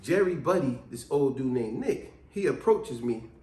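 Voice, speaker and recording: A man telling a story in a casual, animated, chatty way. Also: medium pitch, moderate pace, echoey room.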